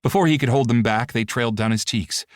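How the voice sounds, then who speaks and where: A man giving steady, expressive scripted audiobook narration. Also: medium pitch, fast, no echo, studio quality.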